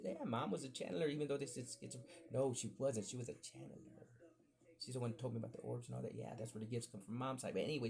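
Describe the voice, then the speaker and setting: Gravelly-voiced man telling rambling stories. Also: mid-range voice. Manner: rambling, animated, with frequent asides and swearing. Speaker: podcast storyteller. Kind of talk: casual storytelling.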